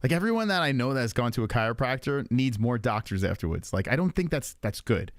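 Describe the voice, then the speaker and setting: A young man hosting a casual livestream, talking in an animated, profane way and laughing often. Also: mid-range voice, a little fast, dry recording, studio quality. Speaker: livestream host.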